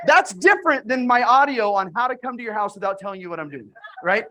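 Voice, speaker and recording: Animated woman telling sales stories. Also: medium pitch, fast. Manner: animated storyteller acting out dialogue. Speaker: network marketing recruiter. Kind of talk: casual recorded training talk.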